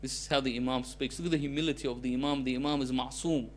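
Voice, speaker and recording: A man preaching a sermon as a story, with loudness that swings between emphatic lines and soft, hushed ones. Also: mid-range voice, fairly even intonation, quick pace, a little hiss or hum.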